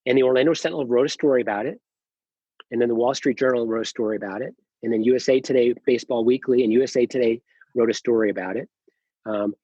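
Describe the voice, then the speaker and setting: A man's voice: mid-range voice, fast talker, slightly rough, dry recording. Middle-aged guy founder rambling thru his story, dry dull mic, lots of uh and restarts. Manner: animated storyteller, acts out quoted dialogue, many fillers and restarts. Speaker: company founder, podcast guest. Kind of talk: casual storytelling interview.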